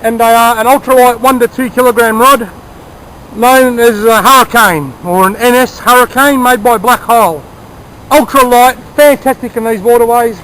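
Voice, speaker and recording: A man with a strikingly high voice, talking casually and eagerly as he fishes outdoors by a creek. He explains his tackle and gives tips in a chatty, friendly way. A faint background hiss runs under his voice. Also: moderate pace, sharp tone, low-quality recording. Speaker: fishing vlogger.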